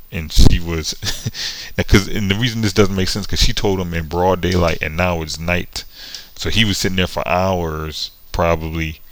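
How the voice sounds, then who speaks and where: A man's voice: low-pitched, fairly bright tone, rough recording. A man casually retelling a comic book story, sarcastic and often breaking into laughter. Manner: sarcastic, laughing between lines.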